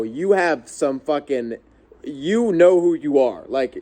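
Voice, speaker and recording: A man's voice: sits high, warm tone. A young man ranting casually to camera as a vlogger, heated and rambling, swearing often and restarting his sentences.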